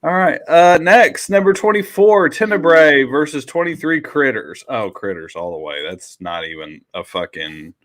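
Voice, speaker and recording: A man's voice: fairly high pitch, animated, normal speed, few pauses, fairly bright tone. A man hosting a casual podcast chat, reading out list entries and swearing freely. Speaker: podcast host.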